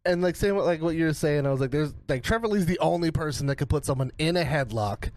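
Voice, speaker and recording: A man co-hosting a podcast in casual chat, rambling excitedly and laughing between points. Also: fairly high pitch, fast talker, no room sound. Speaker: podcast co-host.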